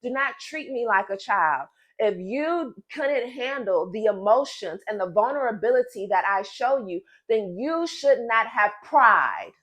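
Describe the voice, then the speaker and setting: A pregnant woman in her thirties venting to camera in a casual vlog, emphatic and animated, talking straight to her viewers. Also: a little high, a little slow, few pauses. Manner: emphatic and animated, addresses viewers as "y'all" and "girl". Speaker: vlogger.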